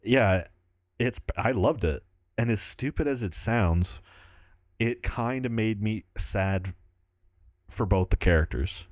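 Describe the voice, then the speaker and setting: A man's voice: on the low side, lively intonation, takes it slowly, long pauses, no echo, clean studio sound. A man co-hosting a film podcast, talking casually and enthusiastically, rambling and laughing often. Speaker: podcast co-host.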